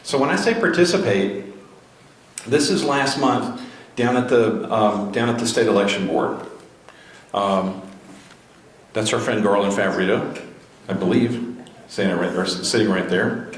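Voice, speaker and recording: Man, lowish voice, exhorting a live crowd; very reverberant event room. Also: a little slow, pauses often. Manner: exhorting, with repeated rallying questions. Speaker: speaker at a grassroots political gathering. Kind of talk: motivational talk to a live audience. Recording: very echoey room, faint noise.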